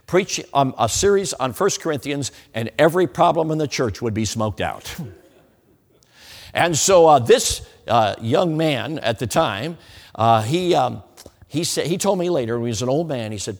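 Animated preacher man in an echoey hall. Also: mid-range voice, moderate pace. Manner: animated storytelling, quizzing the congregation. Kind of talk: sermon.

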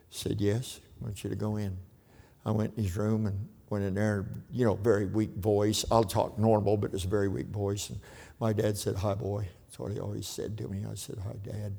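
An older man preaching a sermon, telling a family story in an earnest, halting way with restarts. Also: on the low side, creaky, dark tone. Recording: long hall reverb.

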